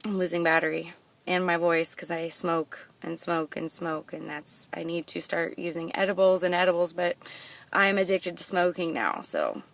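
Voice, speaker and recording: A woman vlogger who raps her own lyrics loudly and rhythmically, then talks casually about her songwriting. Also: on the low side, moderate pace, creaky, distant mic. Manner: loud rhythmic rapping, half-sung.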